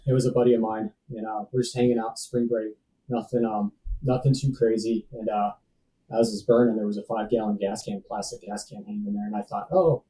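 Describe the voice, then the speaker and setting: Dark-voiced man telling a story casually. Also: medium pitch, far from the mic, rough recording. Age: 30s. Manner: casual and slangy, calls the listener dude and bro. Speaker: podcast guest, safety professional. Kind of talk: personal storytelling in a conversation.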